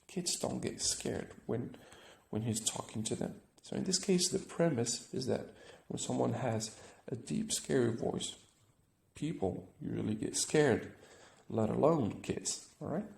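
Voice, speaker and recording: This English teacher speaks a little slowly, his medium-pitched voice gravelly, creaky, and darkish. Stepping through grammar examples, he keeps asking "right?" while the room echoes noticeably.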